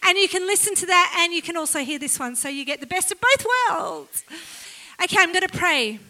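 Female guest preacher, very high pitch, bright tone, energetic call-and-response sermon. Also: brisk. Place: church service.

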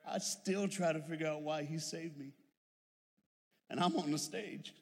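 A man preaching a sermon, building from plain storytelling into shouted, drawn-out fervor, with humorous asides. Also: a little high. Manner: humorous storytelling with put-on voices. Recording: long hall reverb.

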